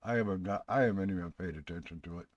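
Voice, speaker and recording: Low-voiced man hosting a casual live stream. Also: fast, no echo, muffled recording. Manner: rambling, folksy, chatty.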